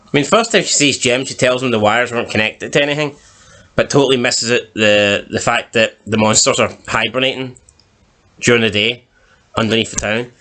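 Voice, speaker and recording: A man recaps a TV episode in casual chat with a bright, crisp voice at an ordinary pitch. His manner is dry and skeptical. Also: steady tone, brisk. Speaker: TV review podcast co-host.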